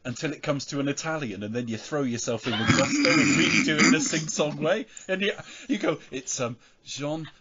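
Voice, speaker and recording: A man's voice: on the high side, lively intonation, fast, few pauses. A man co-hosting a casual film review podcast, teasing his co-host in playful banter. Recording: dull lo-fi audio with faint noise.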